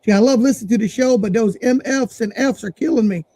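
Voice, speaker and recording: A man hosting a live podcast, gently and easygoingly asking his guest to tone down his language. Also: very high voice, fast, no room sound. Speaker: podcast host.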